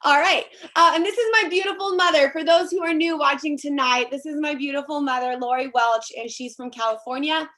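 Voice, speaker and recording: High-voiced woman hosting a livestream. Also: fairly even intonation, brisk, hardly any pauses, pushed and bright. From Tennessee. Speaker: host.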